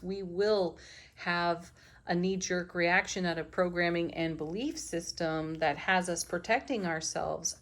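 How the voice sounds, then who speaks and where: Lowish voiced woman doing a tarot reading, warm encouraging vibe, middle aged. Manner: gentle, enthusiastic, affirming. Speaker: tarot reader.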